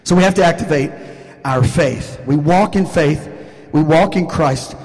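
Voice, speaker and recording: A man preaching to his congregation from the pulpit, with a fairly high voice and an animated, back-and-forth delivery that keeps asking the room for an "Amen". His words ring out with a long reverb across a large church hall. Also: a little slow. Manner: animated, call-and-response preaching with frequent "Amen?". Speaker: pastor. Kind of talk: sermon. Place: church sanctuary.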